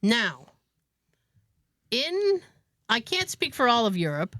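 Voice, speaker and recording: Female podcast host, animated storyteller, dry studio mic. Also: fairly high pitch, slow pace, no room sound. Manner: animated storyteller, laughs often. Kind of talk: casual chat.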